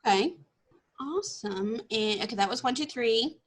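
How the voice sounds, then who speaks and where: A woman's voice: on the high side, expressive, normal speed, breathy edge. A woman in her twenties from Texas hosting a podcast, chatting casually and laughing often at herself. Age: 20s. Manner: bubbly, laughs often, self-deprecating. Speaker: podcast host. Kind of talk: casual interview chat.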